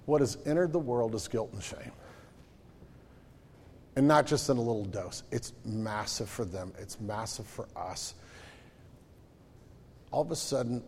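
A man's voice: medium pitch, darkish tone, big-room sound, a little hiss or hum. A man, a pastor, preaching a conversational sermon and acting out voices in his stories.

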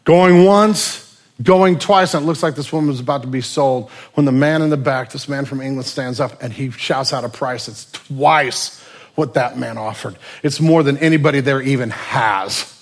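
Husky-voiced preacher telling a story. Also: male voice, mid-range voice, normal speed. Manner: storytelling, swings from loud to near whisper. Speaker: pastor. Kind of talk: sermon.

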